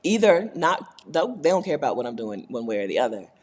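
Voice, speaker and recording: American woman, low-pitched, very lively delivery, casual laughing livestream chat, long room reverb. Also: a little fast. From United States. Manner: animated, laughing, repeats "right?". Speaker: vlogger.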